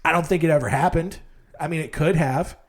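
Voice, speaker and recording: A sleepy young man hosting a comedy true-crime podcast, rambling and self-mocking, with sudden jumps in pitch. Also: brisk. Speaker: podcast host.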